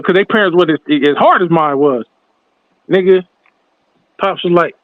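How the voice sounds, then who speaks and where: A man with a high voice tells a story in a lively way and plays the other people's voices. The sound is tinny and dry, like a phone line. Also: moderate pace, pauses often, no echo. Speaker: podcast host. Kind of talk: casual storytelling.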